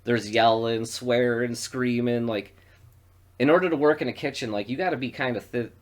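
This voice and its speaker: A man from western New York co-hosting a podcast, telling profane stories in a loose, animated way. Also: mid-range voice, moderate pace. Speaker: podcast co-host. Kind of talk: casual storytelling chat.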